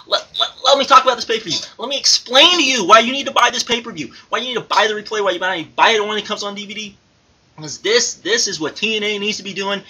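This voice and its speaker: A man's voice: high voice, quick pace, bright, forceful tone, slightly rough, exaggerated voice, poor audio. A man doing a giddy, gushing alter-ego reviewer. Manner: gushing, repeats himself, exclaims often. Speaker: wrestling reviewer. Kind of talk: excited spoken review.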